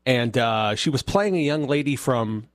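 A man's voice: medium pitch, lively intonation, unhurried, no room sound, clean studio sound. A man co-hosting a radio show, telling a story playfully in casual banter. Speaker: radio co-host.

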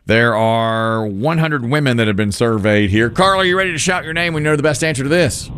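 Animated male radio game host. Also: medium pitch, clean tone, no echo. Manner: animated, repeats the question, quick announcer patter. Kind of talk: game-show hosting on radio.

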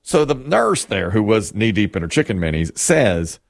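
A man's voice: lowish voice, moderate pace, vocal fry. A man casually telling a funny anecdote, acting out what people said and laughing along. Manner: animated anecdote teller, acts out quoted lines, laughs often. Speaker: co-host telling a story. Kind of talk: casual storytelling chat.

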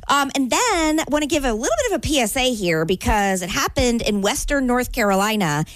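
A woman co-hosting a casual talk show, telling stories with lively voiced asides. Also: on the high side, brisk, dry recording. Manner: animated storytelling, lively quoted asides. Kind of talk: casual chat.

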